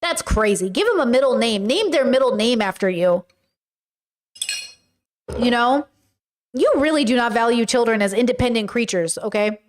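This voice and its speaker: A woman's voice: fairly high pitch, moderate pace, pauses often. A young woman hosting a livestream, chatting casually and bluntly with viewers as she reads their messages. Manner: animated, blunt, talks straight to viewers. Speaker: livestream host reading chat. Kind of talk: casual chat. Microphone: webcam or desk mic on a livestream.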